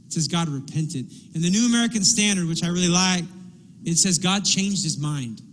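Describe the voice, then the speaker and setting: High-voiced preacher in a reverberant church. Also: male voice, moderate pace, a bit bright. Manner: impassioned preaching, acting out pleading quotes. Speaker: pastor. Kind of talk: sermon. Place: church sanctuary. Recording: long hall reverb.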